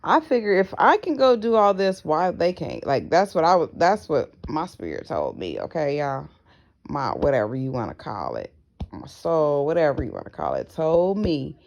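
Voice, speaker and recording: Blunt, gravelly-voiced woman vlogging. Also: sits low, wildly swooping pitch, normal speed, darkish tone, dull audio. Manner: frank, blunt and profane, with slangy asides to viewers; acts out other people's voices in her stories. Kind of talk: casual personal vlog monologue.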